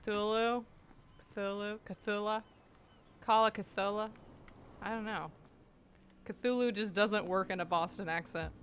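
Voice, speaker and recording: A woman's voice: mid-range voice, measured pace, pauses often, a bit bright, a little hiss or hum. A woman streaming a video game, making chatty, joking asides over it. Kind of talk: casual let's-play commentary.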